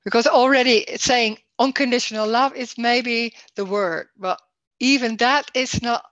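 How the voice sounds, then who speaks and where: A woman hosting a spiritual talk on a video call, searching haltingly for words with many restarts. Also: a little high, fairly bright tone, dry recording, dull audio. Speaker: non-duality talk host. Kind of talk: casual spiritual conversation over video call.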